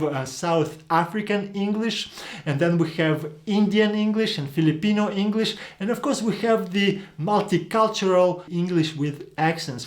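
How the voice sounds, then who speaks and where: A man whose first language is Slavic, teaching a video lesson and explaining things patiently. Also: a little high. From Eastern Europe. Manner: explanatory, demonstrates accents. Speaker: Greek teacher.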